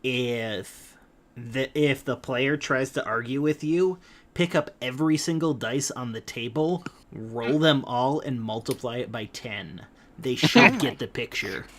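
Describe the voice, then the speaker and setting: A man narrating as game master of a tabletop game, unhurried and hesitant, pausing with fillers. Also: medium pitch, a bit bright.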